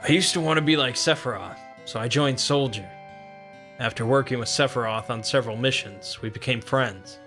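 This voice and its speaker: Brooding young soldier, read by a man, flat and reserved, bright forceful tone. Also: mid-range voice, moderate pace, soft background music, lightly acted. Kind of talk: fan voicing of game dialogue.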